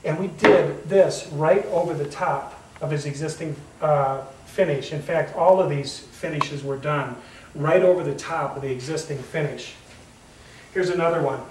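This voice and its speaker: A man's voice: fairly high pitch, normal speed, distant mic, background noise. Man demonstrating wood finishes in an echoey room. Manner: plain-spoken, enthusiastic, many "uh" fillers. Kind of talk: casual product demonstration.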